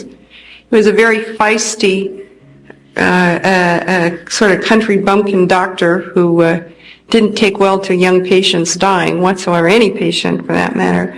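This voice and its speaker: A woman from California giving an earnest, unhurried personal testimony, pausing often with hesitations. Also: medium pitch, rough recording. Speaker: speaker recounting a near-death experience. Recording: restored old recording with faint noise.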